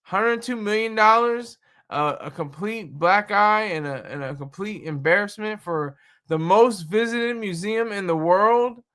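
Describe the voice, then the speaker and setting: A man's voice: high-pitched, measured pace, bright, forceful tone, smooth. A man hosting a livestream, commenting on the news in a loose, joking, rambling way with plenty of fillers. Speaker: livestream host reacting to news.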